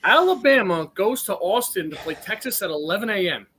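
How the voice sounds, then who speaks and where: Excitable sports pod guy, high bright voice, cusses a lot. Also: brisk, slightly rough. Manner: excitable, blunt, swears. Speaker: podcast co-host. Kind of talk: casual sports chat.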